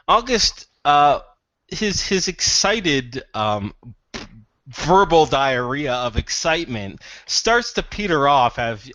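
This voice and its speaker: A man narrating as game master in a tabletop game, animated and stammering. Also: mid-range voice, no echo, rough recording.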